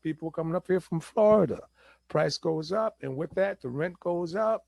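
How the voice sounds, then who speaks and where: Gravelly-voiced man hosting a real estate show. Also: a little high, dry recording. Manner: animated, acts out buyers and sellers in quick asides. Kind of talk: casual talk show chat.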